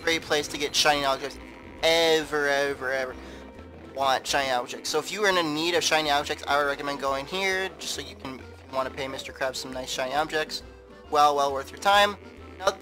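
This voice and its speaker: A man's voice: a little high, sharp tone, poor audio. A man giving casual, rambling commentary over a game playthrough, often repeating words. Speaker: gameplay commentator. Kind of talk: casual let's play commentary.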